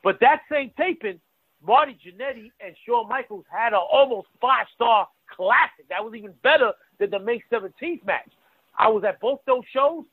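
Male co-host, high voice, tinny phone-line sound, emphatic. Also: animated, moderate pace, husky, dry recording. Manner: emphatic, stumbling restarts. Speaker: wrestling podcast co-host. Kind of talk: casual chat.

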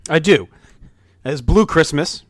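A man riffs through a comedic podcast rant, his slightly higher voice leaping around with lively swings. He swears freely and plays up mock outrage. The sound is close and dry, with no room around it. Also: slow pace, no room sound. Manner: ranting, swearing, jokey. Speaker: podcast co-host. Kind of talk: casual comedic chat.

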